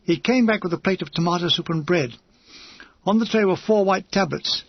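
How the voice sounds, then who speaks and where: Husky high-voiced male memoir narrator. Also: moderate pace, dry recording, muffled recording. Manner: wry, dryly comic delivery. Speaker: audiobook narrator. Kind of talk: scripted narration of a comic war memoir.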